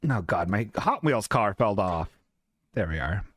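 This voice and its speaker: A man's voice: on the low side, expressive, measured pace, fairly bright tone. A man hosting a live-streamed podcast in casual chat, rambling, self-deprecating and swearing a lot. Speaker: podcast host.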